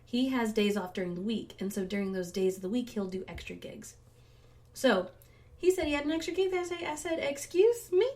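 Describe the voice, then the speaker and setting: A woman co-hosting a podcast in casual chat, telling stories in an animated way and laughing as she talks. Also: mid-range voice, brisk. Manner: animated storyteller, laughs while talking. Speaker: podcast co-host.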